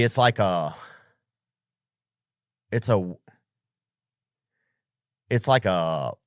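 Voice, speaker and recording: A man's voice: fairly low pitch, no room sound, clean studio sound. Rambling, profane male comedian. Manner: profane, rambling, full of restarts and tangents; slangy. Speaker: comedian and podcast host.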